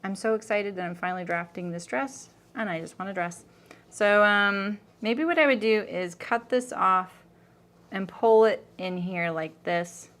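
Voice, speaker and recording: Woman, sewing livestream host, casual chat, thinking aloud, laughs often, medium pitch. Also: a little slow, a bit bright.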